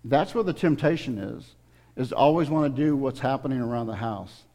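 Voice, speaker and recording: A middle-aged man preaches a sermon to his congregation in a church sanctuary, earnest and emotional as he appeals directly to his listeners. His voice is medium-pitched and dark, moving a little fast. Long hall reverb fills the recording.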